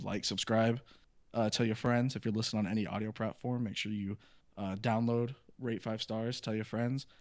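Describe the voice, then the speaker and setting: A young man hosting a casual podcast, telling stories in quick repeated bursts and laughing often. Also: mid-range voice. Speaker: podcast host. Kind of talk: casual podcast banter and storytelling.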